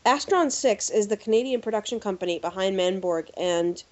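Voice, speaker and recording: On her podcast, an American woman host chats casually, telling a story as an animated storyteller with a lively, filler-heavy delivery. She has a mid-range voice at normal speed, and the lo-fi audio sounds dull.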